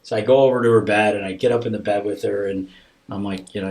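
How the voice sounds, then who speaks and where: A man on a podcast telling a personal story in a casual interview, animatedly acting out both sides of the dialogue and dropping to a soft, hushed voice at tender moments. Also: lowish voice, quick pace, creaky, crowd noise. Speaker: podcast guest.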